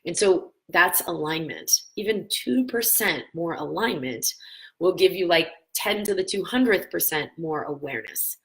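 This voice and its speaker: A woman in her thirties hosting a wellness show, coaching viewers earnestly and telling a personal story in an animated way. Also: lowish voice, moderate pace, creaky, low-quality recording. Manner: animated storyteller, acts out quoted voices; earnest, encouraging, answers viewer questions.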